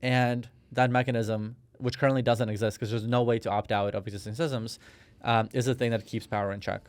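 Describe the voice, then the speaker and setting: Russia-born guy in his 30s telling a story on a podcast, lots of ums, smooth clean voice. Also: medium pitch, little pitch movement, brisk, no echo. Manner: storytelling, hesitant with many restarts and fillers. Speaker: guest. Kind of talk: conversational interview.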